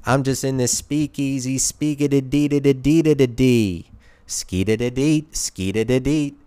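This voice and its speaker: A man's voice: medium pitch, unhurried, dark tone, smooth, pitched above the performer's own voice, lightly acted. A man putting on a goofy jazzy speakeasy crooner who scats nonsense syllables in a sing-song voice. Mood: scatting.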